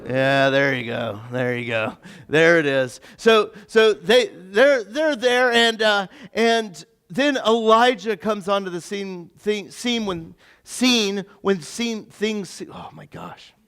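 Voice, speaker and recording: A male pastor giving a casual, interactive sermon in a church, chatty and stumbling over his words, acting out the characters' lines in quick asides. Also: sits high, fairly bright tone, clean tone. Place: church sanctuary.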